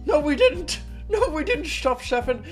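A man's voice: sing-song, a little slow, soft background music, exaggerated voice. A man hosting a podcast puts on a playful, exaggerated mock Irish accent that slips toward posh British. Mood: boisterous. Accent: mock Irish, slipping toward posh British. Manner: hammy, high-pitched, playful. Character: exaggerated stage Irishman, jolly and loud.

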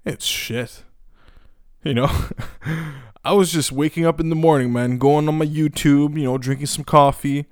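A man's voice: on the high side, fairly even intonation, measured pace, smooth, dry recording, studio quality. A man hosting his own podcast, talking casually in a rambling, joking way with frequent swearing, fillers and restarts. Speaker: podcast host. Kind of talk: casual solo podcast monologue.

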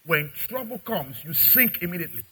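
A middle-aged male pastor preaching a sermon, acting out little dialogues and swinging from quiet to loud. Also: a little high, sing-song, normal speed, breathy edge, low-quality recording. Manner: preaching with dramatic acted-out dialogue and big swings in loudness.

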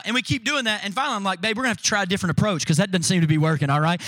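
A man in his thirties preaching a sermon, telling family stories with animated quoted voices and frequent "right?" asides. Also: high voice, quick pace, few pauses, no room sound. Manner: repeats "right?" to engage listeners. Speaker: pastor.

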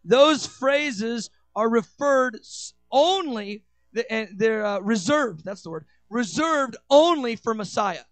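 A man with a notably high voice preaches a sermon. He races through asides, then slows down and builds to shouted, ringing declarations. The sound is close and dry, with faint music underneath. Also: lively intonation, dry recording. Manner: swings from quick asides to slow, shouted declarations. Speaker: pastor.

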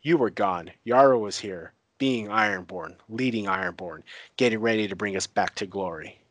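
A man's voice: lowish voice, moderate pace, a bit bright, no room sound. A man doing an earnest young brother rallying a crowd. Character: earnest young man backing his sister.

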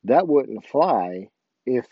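A man's voice: mid-range voice, very slow, slightly rough, dry recording, dull audio. A man, an army sergeant, casually telling a story about his duty station and acting out the dialogue. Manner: animated, acts out quoted dialogue.

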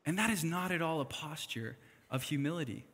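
A young man preaching a casual sermon, chatty and animated, with fillers and asides. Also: a little high, fairly quick. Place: church hall. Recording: long hall reverb.

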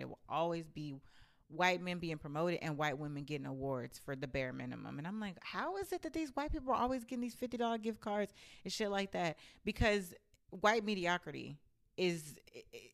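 A woman telling a story from her own life in a blunt, animated and profane casual rant. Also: sits low, gravelly.

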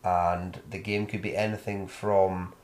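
A man's voice: low-pitched, flat delivery, a little slow, darkish tone. A British man co-hosting a dog podcast, jokey and playful, rambling through his points in casual chat. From Britain. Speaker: podcast co-host. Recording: echoey room.

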